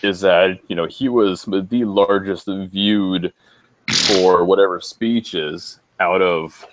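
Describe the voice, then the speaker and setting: A man with a deep, low voice, joining in on a relaxed group conversation. He speaks in a measured way and fills his pauses with hesitations. His pace stays unhurried. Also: a little hiss or hum. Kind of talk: casual group chat.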